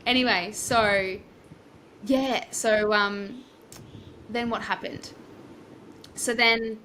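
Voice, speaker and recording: Young Australian woman, property-coach guest: chatty, rambling storyteller with a bright voice and faint noise. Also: medium pitch, very slow. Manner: chatty, rambling, lively asides. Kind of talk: casual storytelling interview.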